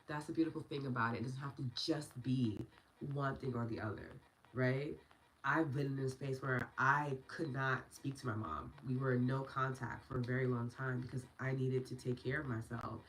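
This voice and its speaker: A woman's voice: very deep voice, fairly even intonation, normal speed, rough recording. A woman in her thirties hosting a meditation and EFT livestream, affirming viewers and answering their comments by name in casual chat. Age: 30s.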